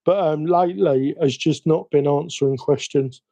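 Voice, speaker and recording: A man's voice: a little high, moderate pace, mellow. A man with a Cockney accent chatting casually and rambling with self-mocking asides during a live stream. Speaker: hobby livestream host. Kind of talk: casual live-stream chat while working.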